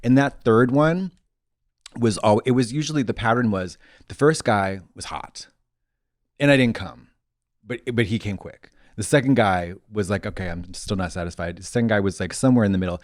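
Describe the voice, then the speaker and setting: A man's voice: lowish voice, normal speed, no room sound, clean studio sound. A man co-hosting a podcast, talking frankly and rambling in casual chat. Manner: frank, rambling, lots of fillers. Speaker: podcast co-host.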